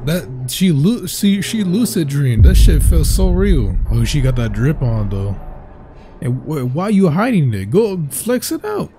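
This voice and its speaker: A young man giving casual let's-play commentary, slangy and profane, reacting loudly and animatedly to the game. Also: a little high, very animated, measured pace, background noise. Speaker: gaming channel host. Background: game music.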